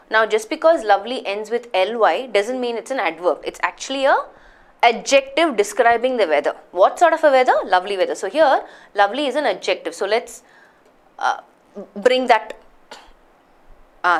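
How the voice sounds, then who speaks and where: A woman teaching a live grammar class, explaining patiently and checking that students follow. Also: on the high side.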